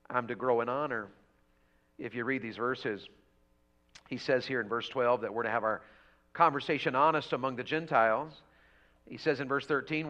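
A man preaching a revival sermon in a church, telling a homey story and building to loud, fervent exhortation. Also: medium pitch. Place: church sanctuary. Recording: dull lo-fi church audio.

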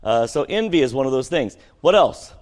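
A man preaching a sermon to his congregation, asking them questions and swinging between emphatic peaks and quiet conversational asides. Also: mid-range voice, animated, normal speed. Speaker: pastor. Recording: long hall reverb.

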